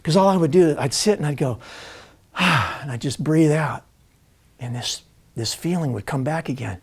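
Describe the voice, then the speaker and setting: A man telling a personal story to a live audience, animated and laughing, acting out other people's lines as he goes. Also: a little high, normal speed, husky. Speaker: spiritual speaker.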